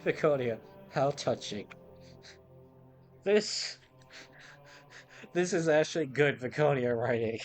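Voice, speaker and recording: A man's voice: medium pitch, lively intonation, slow pace, pauses often, soft background music. A man hosting a game playthrough, chatting casually and reading game dialogue aloud. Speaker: gameplay host.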